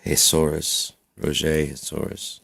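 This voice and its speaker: Gravelly, very low male vlogger; profane, rambling storyteller. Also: monotone, measured pace, fairly bright tone. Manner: profane, rambling, frequent restarts.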